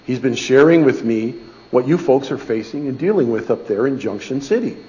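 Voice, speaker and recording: A man voicing a friendly, pleasant-sounding caller on the phone, calm and inviting. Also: medium pitch, normal speed, close to an everyday voice. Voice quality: pleasant, warm-toned. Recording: dull lo-fi recording.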